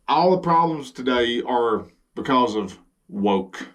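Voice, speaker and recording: Slow sarcastic Southern man. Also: mid-range voice, expressive, recorded from a distance. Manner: sarcastic, exasperated, drawling. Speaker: comedy vlogger. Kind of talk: sarcastic comedic monologue.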